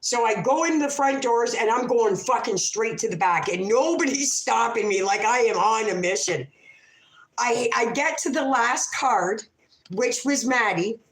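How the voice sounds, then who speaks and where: A woman's voice: on the high side, animated, unhurried. Rambling swearing woman in an echoey room. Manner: rambling, self-interrupting, swears freely. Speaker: livestream host. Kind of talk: emotional casual livestream storytelling.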